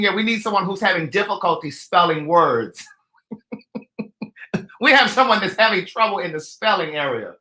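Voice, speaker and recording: A man, vlogging in a sassy, teasing, animated way at home. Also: on the high side. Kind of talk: casual comedic vlog. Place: indoors at home.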